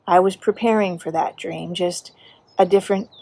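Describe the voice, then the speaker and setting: A middle-aged woman pastor preaching a sermon, earnest and measured, slowing down for emphasis. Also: fairly low pitch, fairly even intonation, vocal fry, dark tone, husky.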